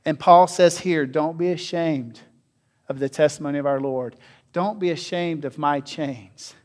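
A man preaching a sermon as pastor, asking his listeners questions and swinging between loud and quiet. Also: fairly high pitch, unhurried. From North America. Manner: asks the congregation questions, varies loudness widely.

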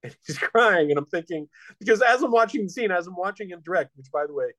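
A man's voice: high voice, lively intonation, fast talker, fairly bright tone, dry recording. A man hosting a casual film-review chat, blunt and sardonic, with some swearing. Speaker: podcast host, film reviewer.

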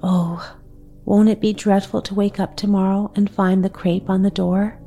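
A woman voicing a sweet, frail young girl in a bedtime storybook reading, speaking softly and gently. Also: mid-range voice, flat delivery, normal speed, soft background music, close to an everyday voice. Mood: dread.

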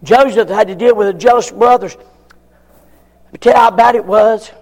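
A man preaching a folksy sermon that climbs to shouted peaks. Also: high-pitched, normal speed, long reverb tail.

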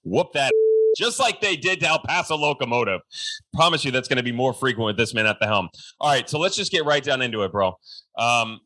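A man hosting a sports podcast, with a bright, forceful voice. He delivers a loud, energetic hype-man introduction and keeps a casual, joking tone. His pitch sits in a middle range for a man. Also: brisk. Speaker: podcast host. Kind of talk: hyped-up casual interview.

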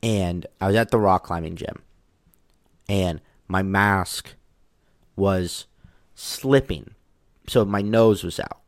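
A man with a fairly low voice tells a personal story in loose, casual talk. He rambles, says "like" all the time, and acts out what people said. The recording is dry and close, with no room sound. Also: slow, pauses often, no echo. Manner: rambling, heavy use of "like", acts out quotes.

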